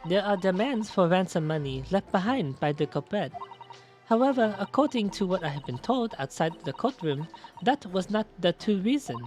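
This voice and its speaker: A man voicing a middle-aged woman wax sculptor with a halting mock-French delivery. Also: high-pitched, darkish tone. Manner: halting attempt at a French accent.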